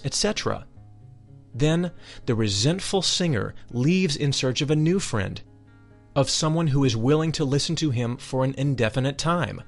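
A man giving a solemn, measured reading of a spiritual text, dwelling deliberately on each phrase. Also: mid-range voice, fairly bright tone. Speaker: reader of spiritual teachings.

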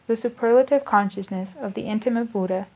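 A woman giving a spiritual lecture, reading esoteric teachings aloud in a measured, deliberate way, often restarting and repeating phrases. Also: medium pitch, darkish tone. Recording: dull lo-fi recording.

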